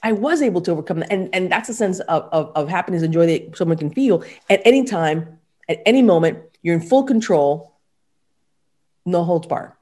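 A woman's voice: fairly low pitch, expressive, normal speed, darkish tone. A woman guest on a podcast, a motivational speaker who talks animatedly and acts out little back-and-forth dialogues. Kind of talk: podcast conversation.

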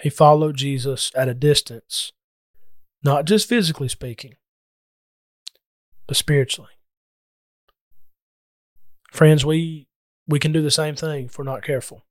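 A man's voice: on the high side, unhurried, pauses often, no room sound, studio quality. A man preaching a Bible lesson, reading scripture in an earnest, emphatic way.

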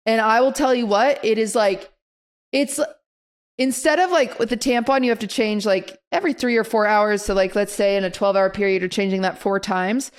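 A young woman co-hosting a podcast in casual chat, telling stories in an animated way and acting out other people's reactions. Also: mid-range voice, a little fast, clear, resonant tone. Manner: animated storyteller who acts out quoted reactions. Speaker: podcast co-host.

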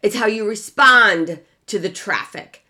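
A woman's voice: medium pitch, unhurried, bright, forceful tone. A middle-aged woman hosting a relationship podcast, talking emphatically in a preachy, motivational way and repeating key phrases.

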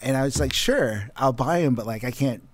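A man's voice: mid-range voice, animated, moderate pace, no room sound. A young adult man in casual chat, telling a school story with easy laughs and restarts.

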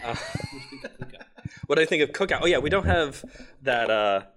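A man's voice: on the high side, animated, fast talker, noisy background. A man from the northern US hosting a live podcast recording in a church hall, chatty and joking. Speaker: podcast host.

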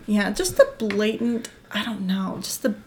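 A woman's voice: mid-range voice, very animated, unhurried, darkish tone, a little hiss or hum. A woman guest on a podcast in casual chat, hesitant and searching for words.

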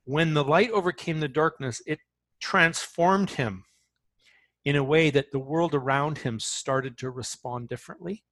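A man's voice: on the high side, a little slow, a bit bright, dry recording. Earnest male author, dry close sound. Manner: earnest, often restarts phrases. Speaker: author being interviewed. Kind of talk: earnest conversational storytelling.

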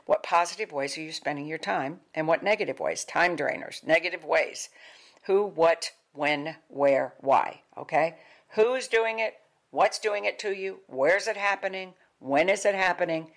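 A woman's voice: lowish voice, moderate pace. An older woman giving an emphatic motivational talk as a wellness speaker, repeating her key words in a coaching tone.

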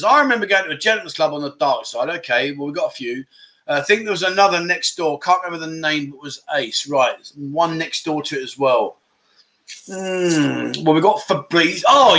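A man's voice: on the high side, sharp tone. A man hosting a casual livestream, reading out viewer comments in a rambling, jokey way and often losing his train of thought. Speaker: livestream host.

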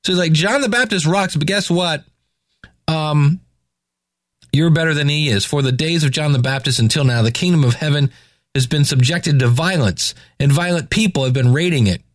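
A man reading Bible passages aloud and paraphrasing them in a relaxed, slangy way. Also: on the high side, fairly quick, dry recording, studio quality. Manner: reads scripture aloud then paraphrases in slangy asides. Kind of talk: casual Bible reading and commentary.

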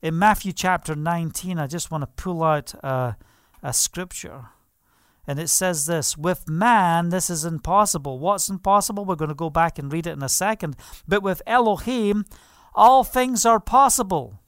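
A man's voice: a little high, normal speed, fairly bright tone, smooth, no echo, clean studio sound. A man preaching a sermon, fervent, asking the listeners questions and laughing now and then. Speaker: pastor.

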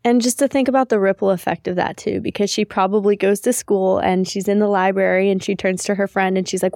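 A woman's voice: medium pitch, fairly even intonation, fast talker, hardly any pauses, a little mellow, dry recording, clean studio sound. A woman hosting a podcast, asking the guest questions and responding encouragingly. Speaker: podcast host. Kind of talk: interview questions.

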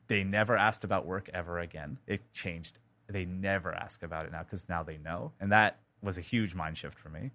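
A man's voice: deep voice, brisk, no room sound. A man from India, a sound designer, telling stories in a casual interview with many restarts. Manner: animated storytelling with many likes and restarts.

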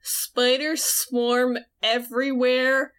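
A woman co-hosting a casual chat show, retelling scenes with lively, expressive delivery. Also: sits high, drawn-out words, clear, resonant tone. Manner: animated storyteller, acts out quoted lines. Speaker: podcast co-host.

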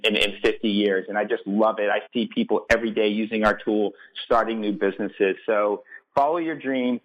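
Lower-voiced enthusiastic founder, a man. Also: a bit bright, dull audio. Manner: earnest, enthusiastic, repeats words as he starts. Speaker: startup founder guest. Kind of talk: interview answers.

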